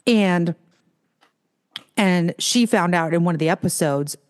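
A woman co-hosting a casual chat over a remote call, talking in an animated, storytelling way. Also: on the low side, a little slow. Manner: chatty, animated storytelling with put-on quote voices.

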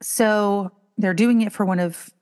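Middle-aged woman, animated storyteller, mid-pitched, lots of self-interrupting restarts; casual co-host chat. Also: unhurried, smooth. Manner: animated storytelling, acting out quotes with many restarts.

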